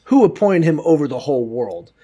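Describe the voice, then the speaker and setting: A man co-hosting a podcast in casual chat, swearing freely and rambling with animated emphasis. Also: a little high, brisk, husky. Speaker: podcast co-host.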